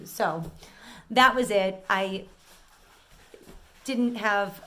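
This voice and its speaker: A middle-aged woman vlogging a rant, full of exasperation. She talks at an everyday pitch and acts out each quote of the story. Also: a little fast, a bit bright. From Italian-American family.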